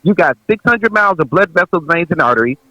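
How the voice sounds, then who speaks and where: A man giving a preachy, forceful talk on health as a guest naturopath. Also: high voice, animated, quick pace, no echo, lo-fi sound.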